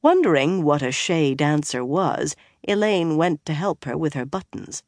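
Dry, measured audiobook narrator. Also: medium pitch, big pitch swings, dry recording. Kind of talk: scripted fantasy audiobook narration.

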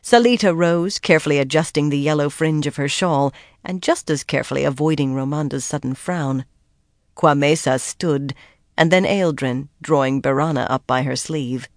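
An audiobook narrator giving steady, measured scripted narration of a fantasy story. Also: medium pitch, no room sound, clean studio sound.

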